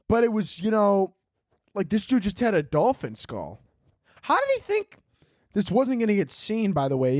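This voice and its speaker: A man's voice: on the high side, dry recording, clean studio sound. A young man hosting a solo podcast late at night, rambling, swearing a lot and riffing goofily. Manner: rambling, profane, goofy riffing. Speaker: podcast host. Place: room at home, late night.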